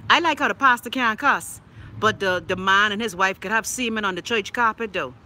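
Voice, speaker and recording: Bahamian woman, live-stream host, sassy and profane, bright tone, slightly scratchy throat. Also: medium pitch, brisk. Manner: sassy, blunt, profane, chatty. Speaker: live-stream host reading viewer comments. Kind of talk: casual live-stream chat.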